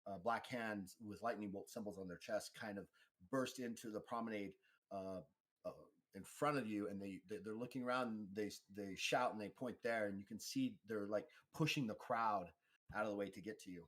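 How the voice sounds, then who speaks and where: A man narrating a tabletop role-playing game as game master, talking in a loose, halting way with many fillers. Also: fairly low pitch, fairly bright tone.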